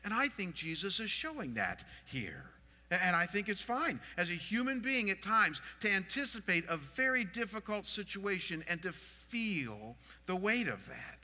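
A middle-aged man preaching a sermon as pastor, expressive and asking the audience questions. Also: sits high, moderate pace, big-room sound.

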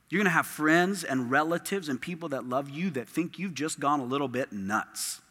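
A man's voice: a little high, animated, moderate pace, bright, forceful tone. A man preaching a sermon as pastor, emphatic and impassioned, with lots of repetition. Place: church sanctuary. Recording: long reverb of a large hall.

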